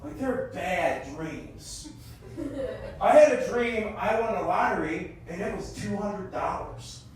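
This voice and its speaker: Stand-up comic, man in his thirties, very high voice, animated delivery with mumbled asides, heard a bit off-mic in a booming echoey room. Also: slow, far from the mic, slight background noise. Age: 30s. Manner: animated, bursts into shouted character voices. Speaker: stand-up comedian. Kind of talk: stand-up comedy set. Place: comedy festival stage.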